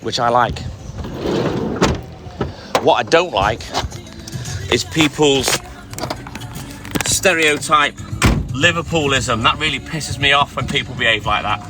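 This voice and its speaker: A man's voice: medium pitch, slow, pauses often. A man on his milk round chatting casually with live-stream viewers, greeting them by name. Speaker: livestreaming milkman. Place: delivery vehicle on a milk round. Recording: music playing behind.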